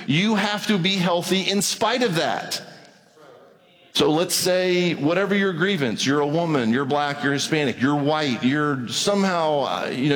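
A man preaching a sermon in a conversational way, reading scripture and acting out short exchanges, with his pitch moving a lot as he goes. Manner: conversational preaching with acted dialogue and wide pitch swings. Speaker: pastor. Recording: long hall reverb.

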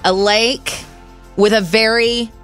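A woman's voice: fairly high pitch, fairly even intonation, slow, a bit bright, faint music behind. A woman hosting a radio show, quizzing her guest in a playful, giggly casual chat. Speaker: radio host.

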